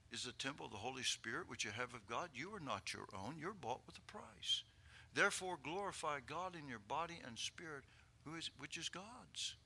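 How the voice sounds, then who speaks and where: An older man preaching a sermon, swelling to loud, fervent peaks and tossing chuckling asides to his congregation. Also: on the high side, creaky, husky.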